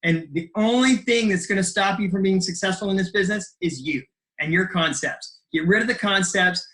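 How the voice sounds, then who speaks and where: A man's voice: high-pitched, moderate pace, a bit bright, poor audio. A middle-aged man giving an enthusiastic motivational talk on a group call about his coaching business, rambling with fillers and restarts. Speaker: health coach sharing his story.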